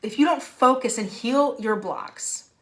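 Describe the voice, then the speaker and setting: Energetic woman coaching on a live stream. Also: a little high, measured pace. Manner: energetic, repeats "right?", laughs. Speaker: business coach. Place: home room.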